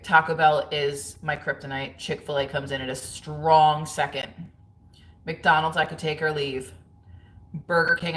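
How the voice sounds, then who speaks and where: A chatty woman in her thirties talks casually to her livestream viewers from home. Her voice sits low, and the room adds a noticeable echo. She is frank, full of fillers, and quick to laugh. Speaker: livestream host. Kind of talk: casual livestream chat reading viewer comments. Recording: roomy echo.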